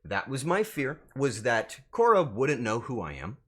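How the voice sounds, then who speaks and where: A man's voice: medium pitch, wildly swooping pitch, measured pace. A man streaming as a VTuber, telling a rambling story straight to his chat and swearing freely. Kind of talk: casual storytelling to live chat.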